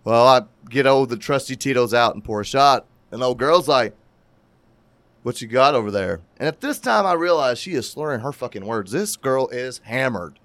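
Crude, animated man telling a story. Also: mid-range voice, brisk, hardly any pauses, dry recording. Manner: crude, animated, laughing at his own story. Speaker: storyteller on a podcast. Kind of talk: casual profane storytelling.

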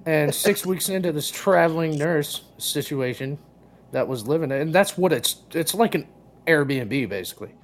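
Guy co-hosting a podcast, kinda high voice, rambling swear-y storytelling. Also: animated, normal speed. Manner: rambling, swears freely, acts out quoted dialogue. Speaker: co-host.

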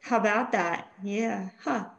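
A woman's voice: medium pitch, takes it slowly, vocal fry, low-quality recording. A middle-aged woman co-hosting a live online Bible study, reading scripture and viewer comments aloud with frequent ums. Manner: warm greetings, reads viewer comments aloud with many ums.

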